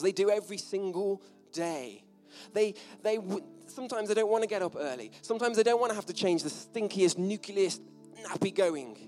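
Here the British preacher's voice sits on the high side with a touch of mellowness. Addressing a gathered crowd in a church hall, he preaches in a chatty, self-deprecating way and throws in playful asides.

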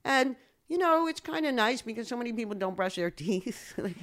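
A woman's voice: a little high, animated, normal speed, fairly bright tone. An older woman from Canada chatting in an interview, telling wry anecdotes and acting out other people's voices with a laugh. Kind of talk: casual interview chat.

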